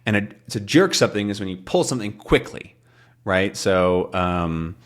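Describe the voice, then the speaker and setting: A man teaching English in a relaxed way, explaining words simply and often checking that learners follow him. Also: on the low side, normal speed. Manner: animated, checks in often with questions.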